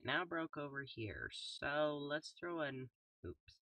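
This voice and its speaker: A young man casually commentating his own gameplay in a calm, soft-spoken way, throwing in playful made-up sound words. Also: a little high, slow pace, no echo, far from the mic, dull audio. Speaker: gaming YouTuber.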